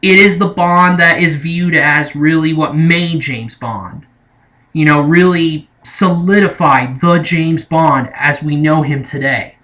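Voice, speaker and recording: A man's voice: fairly high pitch, slow pace, sharp tone. A young man talking casually as a movie reviewer, rambling and hesitant, often correcting himself mid-sentence. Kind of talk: casual spoken movie ranking.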